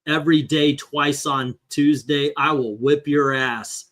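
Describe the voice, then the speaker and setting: This is a middle-aged man hosting a loose comics chat, his voice pitched a little high and sounding bright. He tells stories with a lot of animation and slips into impressions as he goes. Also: fairly even intonation, takes it slowly. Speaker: comic book channel host. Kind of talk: casual panel chat.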